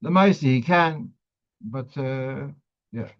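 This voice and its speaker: A man's voice: medium pitch, slow pace, highs cut off. A man teaching a weekly halachic class as a rabbi, explaining step by step and thinking aloud with frequent restarts. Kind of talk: halachic lecture.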